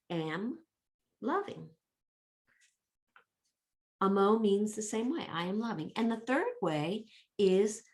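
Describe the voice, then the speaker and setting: A middle-aged woman teaching a Latin lesson for children, patiently repeating words, spelling them out and checking in with "okay" and "right.". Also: mid-range voice.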